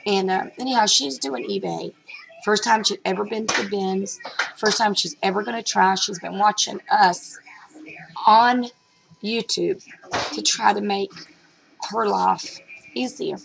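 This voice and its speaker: A woman's voice: mid-range voice, a little slow, vocal fry, pauses often, a little hiss or hum, low-quality recording. A middle-aged woman vlogging about reselling, telling a story in a rambling, chatty way with lots of fillers and restarts. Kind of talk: casual storytelling vlog.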